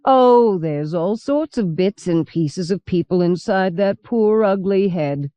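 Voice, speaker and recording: A woman narrator voicing an eerie, chatty old woman who tells dark stories matter-of-factly. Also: fairly low pitch, animated, slow pace, dry recording, pitched above the performer's own voice. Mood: calm, knowing. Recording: dull lo-fi cassette recording.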